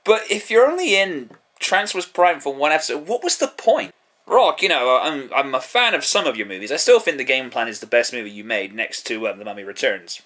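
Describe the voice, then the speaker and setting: Bright, animated British man reviewing. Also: mid-range voice, fairly quick. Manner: sarcastic, profane, self-mocking asides. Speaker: TV show reviewer. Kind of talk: casual spoken review.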